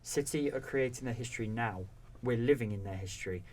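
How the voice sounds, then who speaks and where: A man's voice: mid-range voice, a little fast, distant mic. A young man co-hosting a football podcast, stumbling over restarts before making firm points. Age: young adult. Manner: hesitant restarts, then opinionated bursts. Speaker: podcast co-host. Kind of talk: casual football chat.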